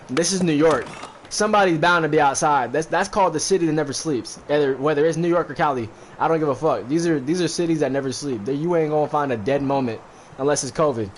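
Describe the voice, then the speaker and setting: A man's voice: on the high side, slight background noise. A man casually retelling a movie plot in slangy, profane speech, full of fillers and asides. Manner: rambling, heavy fillers, profane. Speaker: streamer recapping a movie while gaming.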